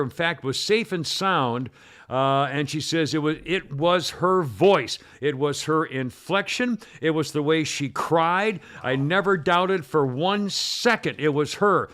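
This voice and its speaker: A man's voice: on the high side, a bit bright. Rambling male talk radio host. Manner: rambling, reads news items aloud. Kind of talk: casual talk radio chat.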